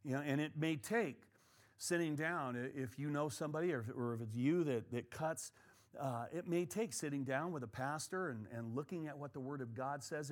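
A middle-aged man leads a Bible study in a loose, conversational way. His voice sits a little high, and he often doubles his words and leans on fillers as he talks. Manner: conversational and animated, many fillers and repeated words. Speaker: pastor teaching a Bible study.

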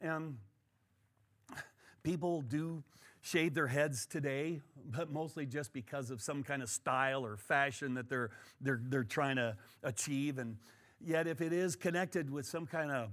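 A middle-aged man teaching a Bible study in a conversational, animated way, often repeating words and adding fillers. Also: mid-range voice, a little slow.

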